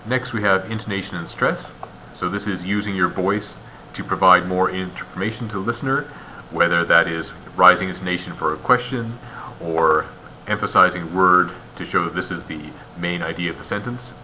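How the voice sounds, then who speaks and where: Man, instructor, deep voice, sharp tone, methodical explaining. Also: moderate pace, a little hiss or hum, rough recording. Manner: methodical and explanatory, poses rhetorical questions. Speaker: instructor guiding raters. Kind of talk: step-by-step instructional walkthrough.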